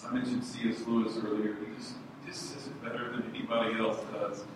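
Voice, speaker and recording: A man's voice: fairly low pitch, little pitch movement, quick pace, background noise. A man preaching an earnest sermon as pastor, his intensity rising as he goes. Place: church sanctuary. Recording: echoey church hall from far off.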